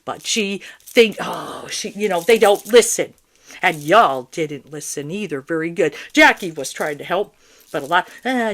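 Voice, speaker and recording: A woman's voice: fairly low pitch, animated, unhurried, fairly bright tone. A middle-aged woman, a psychic, in an agitated, swearing and repetitive monologue to her viewers.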